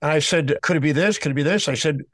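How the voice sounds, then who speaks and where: His voice sits on the higher side and moves fast, with a dry recording. The man, who speaks on emotional healing, recounts a story during an interview, lecturing emphatically and acting out each side of an exchange.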